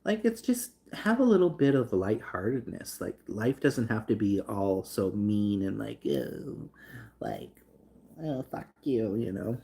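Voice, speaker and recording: Young guy with a lowish voice rambling on a livestream, tons of "like" and "um". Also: lively intonation, moderate pace, gravelly, hardly any pauses, warm tone. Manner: rambling, filler-heavy, reads chat aloud. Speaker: livestream host. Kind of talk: casual live stream chat.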